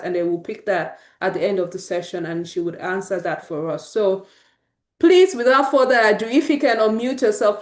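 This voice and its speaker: A woman hosts an online session over a video call, her tone upbeat and encouraging. Her voice carries a roomy echo. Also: fairly high pitch. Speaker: host.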